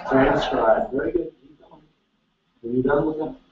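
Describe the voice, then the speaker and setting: A man's voice: fairly high pitch, steady tone, moderate pace, crowd noise. A man presenting a live seminar, energetically quizzing his audience and urging them on. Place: large seminar hall. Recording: echoey room, distant lo-fi mic.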